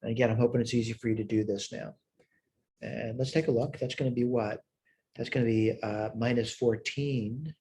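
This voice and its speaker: A math instructor with a mid-range, slightly mellow voice records a lesson walkthrough, thinking aloud as he works problems step by step at a whiteboard while screen sharing.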